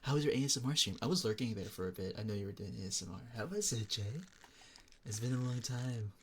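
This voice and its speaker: A man's voice: medium pitch, lively intonation, fast, slight background noise. A man streaming as an ASMR VTuber, chatting casually and greeting viewers by name, with lots of filler words. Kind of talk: casual live-stream chat.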